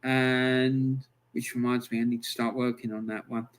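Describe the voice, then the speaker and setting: A man runs a solo football review channel, chatting away with banter and plenty of exasperation. He speaks at normal speed in a mid-range voice with a level tone.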